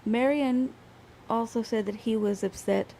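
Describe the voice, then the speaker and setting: A woman's voice: a little high, a little slow, creaky, warm tone, slight background noise. A woman casually telling a history story to her podcast co-hosts, often laughing and restarting.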